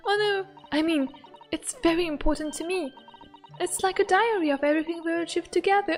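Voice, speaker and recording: Giggly, high-voiced woman streamer. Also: normal speed, faint music behind. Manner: excitable and giggly, with playful squeals. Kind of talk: casual game commentary.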